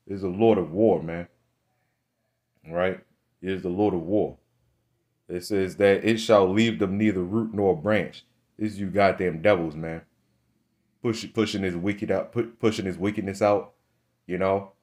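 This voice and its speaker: Young man, lowish voice, fiery preaching monologue, blunt and cursing. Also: steady tone, unhurried, long pauses, a little mellow. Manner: blunt, profane and fiery, full of "man" and "right?". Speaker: religious speaker.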